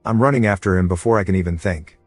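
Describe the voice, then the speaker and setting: A man narrating an audiobook in the first person, steady and low-key, with a husky voice. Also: quick pace, no room sound, faint music behind.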